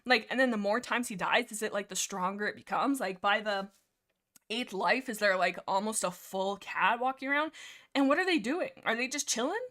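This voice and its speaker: A young woman hosting a livestream, chatting excitably about books with lots of fillers and restarts. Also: medium pitch, normal speed. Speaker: livestream host. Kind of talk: casual rambling book discussion.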